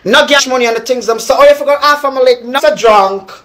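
A woman's voice: high-pitched, fast, a bit bright. A young woman with a Jamaican accent ranting in a live video, calling someone out again and again with heated, repetitive jabs. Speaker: social media personality.

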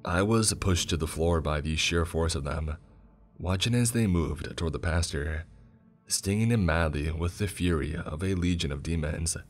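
Deep guy reading a creepy story, grave and steady, faint music. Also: moderate pace. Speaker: narrator. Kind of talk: scripted horror narration. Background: soft music.

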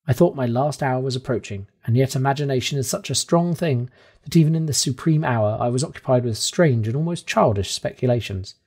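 A man narrating a classic novel aloud in a steady, measured first-person storytelling manner. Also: medium pitch, breathy edge. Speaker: audiobook reader.

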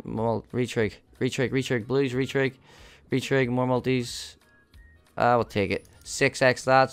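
An excitable man narrates his slot spins live for his viewers, swearing freely and calling out to "the boys". His voice is smooth and clear, in an ordinary middle register, with faint music playing underneath. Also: mid-range voice. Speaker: gambling streamer. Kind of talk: live slot-play commentary.

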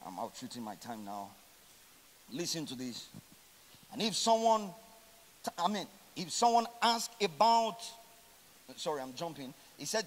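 A man preaching a sermon as a pastor, swinging from loud emphatic lines to quiet, drawn-out endings and slowly stressing scripture quotes. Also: fairly high pitch, sing-song. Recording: long hall reverb.

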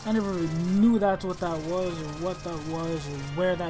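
A young man giving let's play commentary on a video game, excitable and reactive, often exclaiming and swearing. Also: sits high, brisk. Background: game music.

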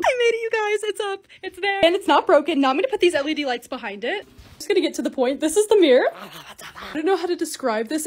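A young woman narrating her home projects and shopping hauls in a chatty, bubbly vlog voice-over. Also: sits high. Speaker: lifestyle vlogger.

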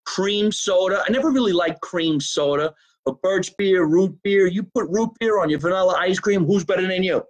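An animated podcast host, talking in a slightly higher voice than most men. He chats casually and swears freely as he chats from a basement. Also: moderate pace, low-quality recording. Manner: animated, profane, plugging a local deli. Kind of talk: casual live-stream chat.

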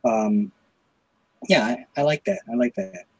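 A man's voice: fairly high pitch, big pitch swings, unhurried, gravelly, a little mellow, slightly rough, no echo, rough recording. A man hosting a casual chat, talking hesitantly with many fillers and repeated words. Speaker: host.

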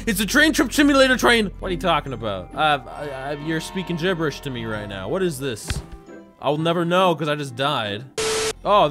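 A young man doing excitable, jokey commentary over a video game, reacting loudly and often shouting at what happens on screen. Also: high voice. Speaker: gaming YouTuber. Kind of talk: let's play commentary. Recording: faint game music behind.

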